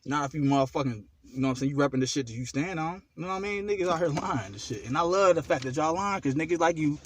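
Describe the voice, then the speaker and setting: A man giving a profane self-help monologue about his own flaws, full of rhetorical questions, swinging between loud outbursts and low mutters. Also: animated, fast talker. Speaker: occult vlogger.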